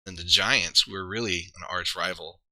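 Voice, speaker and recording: Bright-voiced man rambling on stream. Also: low voice, fairly even intonation, moderate pace, dry recording. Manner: rambling, thinking aloud with many fillers and restarts. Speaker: streamer and league player. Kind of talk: casual livestream chat.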